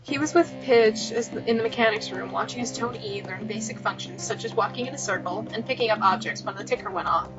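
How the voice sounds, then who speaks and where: A woman's voice: a little high, fast talker, hardly any pauses. A woman co-hosting a podcast, reading fan fiction aloud with wisecracking, rambling asides and casual swearing. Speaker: podcast co-host. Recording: muffled lo-fi with background music.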